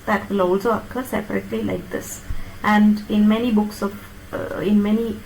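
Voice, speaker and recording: A woman lecturing on phonetics, explaining step by step and checking that her students follow with quick tag questions. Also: mid-range voice, steady tone, a little mellow, slight background noise, low-quality recording. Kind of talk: classroom lecture on pronunciation.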